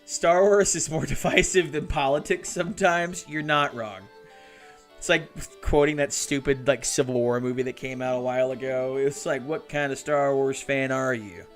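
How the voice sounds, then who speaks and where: A man's voice: medium pitch, steady tone, moderate pace. A man hosts a casual hobby live stream at his desk mic. He banters animatedly, swears and laughs easily, and reads out chat messages as they come in. Faint music plays behind him.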